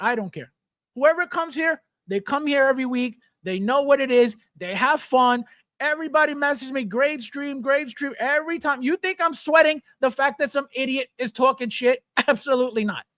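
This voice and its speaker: A man's voice: very high-pitched, brisk, a bit bright, dry recording, clean studio sound. A man hosting a livestream, ranting bluntly and with heavy profanity as he reads out and answers viewer chat. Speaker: livestream host. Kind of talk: casual livestream rant.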